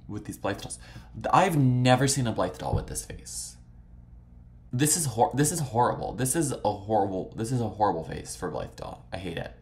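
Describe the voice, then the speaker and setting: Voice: mid-range voice, darkish tone. A vlog host chatting casually while browsing old photos, gushing and swearing freely, full of dramatic exclamations and "like" fillers.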